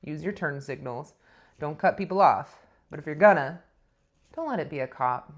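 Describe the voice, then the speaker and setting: A woman sketching out a no-nonsense male cop, clipped and flat, handing out a warning. The voice sits a bit lower and levels out into short, curt orders. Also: normal speed, dull audio. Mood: stern. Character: stern no-nonsense male police officer.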